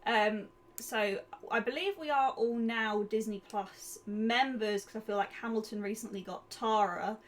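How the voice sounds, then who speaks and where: A woman co-hosting a podcast in casual chat, lively and quick to laugh. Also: fairly high pitch. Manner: lively, chatty, laughs often. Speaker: podcast co-host. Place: home. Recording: faint background noise.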